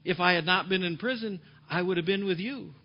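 A man voicing the king's calm, faithful friend with steady assurance, on a dull lo-fi recording. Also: high-pitched, fairly quick. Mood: serene.

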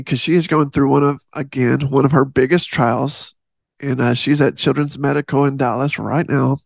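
A man's voice: mid-range voice, creaky, no echo. A man hosting a faith podcast, talking earnestly in a rambling, casual way with many restarts. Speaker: podcast host.

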